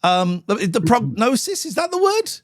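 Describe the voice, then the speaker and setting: A man's voice: very high-pitched, wildly swooping pitch, moderate pace. A man hosting a live call-in stream, brash and sweary, bantering with callers.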